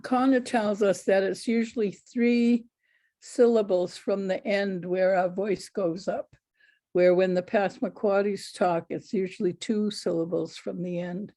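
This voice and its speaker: A woman storyteller answering audience questions over a video call in an unhurried, easygoing way. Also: medium pitch, steady tone, warm tone.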